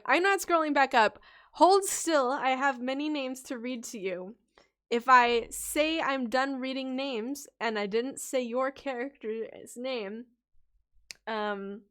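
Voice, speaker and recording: High-voiced giggly woman reading names. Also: fairly bright tone. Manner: giggly, distracted, stumbles over names while scrolling chat. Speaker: livestream host and storytelling bard. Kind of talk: casual livestream chat, reading viewer names aloud.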